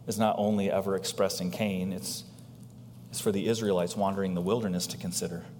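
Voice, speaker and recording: Male pastor, mid-pitched, animated sermon delivery, hall echo. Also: slight background noise. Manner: animated preaching with rhetorical questions and big swings in pitch.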